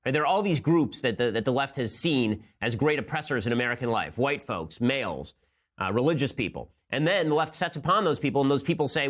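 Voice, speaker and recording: A man rattles through a political monologue at a rapid clip, sardonic and argumentative. His voice sits in an ordinary middle pitch, and he speaks as the show's host. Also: lively intonation, a bit bright. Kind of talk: fast opinion monologue.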